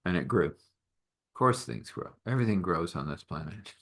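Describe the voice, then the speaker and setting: A man's voice: deep voice, expressive, moderate pace, a bit bright. A man telling a story in a loose, conversational way, with chuckling asides. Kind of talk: spoken storytelling.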